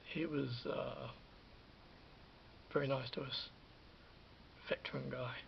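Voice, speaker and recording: A man's voice: mid-range voice, fairly even intonation, slow pace, creaky, a little hiss or hum. A man of about fifty, telling a rambling personal story with restarts and sudden drops into a whisper. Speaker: vlogger recalling film work. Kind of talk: casual anecdotal monologue. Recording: dull lo-fi recording.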